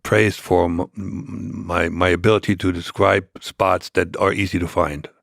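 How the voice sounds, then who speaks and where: An older man, telling his story as an interview guest, halting with many restarts and fillers. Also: deep voice, little pitch movement, creaky, fairly bright tone, no echo, studio quality. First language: German.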